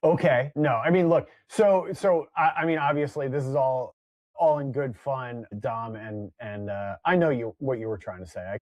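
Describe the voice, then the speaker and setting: A man's voice: medium pitch, normal speed, no room sound, muffled recording. Man teasing his co-host, wry. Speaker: podcast co-host. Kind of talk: casual podcast banter.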